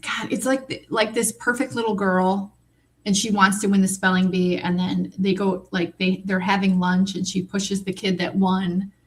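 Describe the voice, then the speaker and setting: A woman with a Midwestern American accent co-hosting a podcast in casual chat, talking in a chatty, animated way with many fillers. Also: mid-range voice, normal speed. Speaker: podcast co-host.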